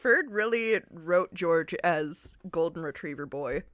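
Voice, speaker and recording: Lively, teasing woman co-host. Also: lowish voice, measured pace, faint music behind. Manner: laughing, teasing, lively delivery. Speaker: podcast co-host. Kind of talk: casual banter.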